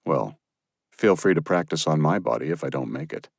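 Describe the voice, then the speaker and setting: A man's voice: a bass voice, lively intonation, moderate pace, creaky, dry recording, full character voice. A man voicing a wry, understated male captain in an audiobook, with dry jokes. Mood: wry, calm. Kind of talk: audiobook character reading.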